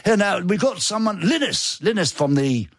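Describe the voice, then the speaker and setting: A man's voice: sits high, very animated, normal speed, dry recording, clean studio sound. A male radio host, chatting and teasing his co-host on a live show. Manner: playful, teasing, sing-song jokes. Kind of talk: casual live radio banter.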